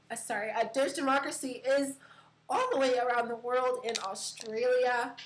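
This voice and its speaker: Casting: woman host, slightly high voice, casual stream chat full of uhs and light laughs. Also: steady tone, measured pace, a little hiss or hum, low-quality recording. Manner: chatty, many fillers and uhs, giggly.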